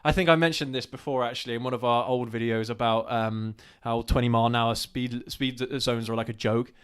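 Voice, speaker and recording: Rambling, animated man. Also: medium pitch, a little fast, clear, resonant tone. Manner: rambling, animated when ranting, laughs easily. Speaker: co-host. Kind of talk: casual live-stream chat.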